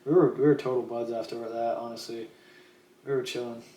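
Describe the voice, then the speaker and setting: A young man with a warm, flat, mid-range voice tells a rambling story briskly on his livestream, laid-back and cursing freely. He acts out what people said, and the recording comes from an echoey room with faint ambient noise.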